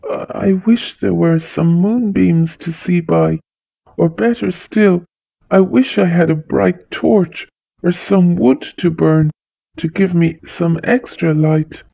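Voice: medium pitch, slow, creaky, breathy edge, dry recording, highs cut off, heavily acted. A reader voicing a jumpy, timid male fuzzbuzz sentry in a storybook, talking in a nervous, stammering way.

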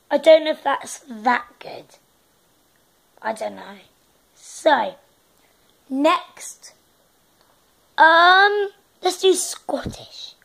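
A woman's voice: high-pitched, vocal fry, fairly bright tone. A young woman vlogging casually, hesitant and self-conscious as she tries out accents. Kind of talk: casual vlog, trying out accents.

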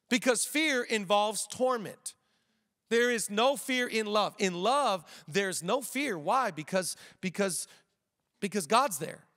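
A man with a high voice delivers a sermon in a relaxed, conversational way, often repeating himself and slipping in jokes. A long reverb from the church auditorium trails behind his words. He sounds middle-aged. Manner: conversational preaching with repetitions and jokes. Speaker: pastor.

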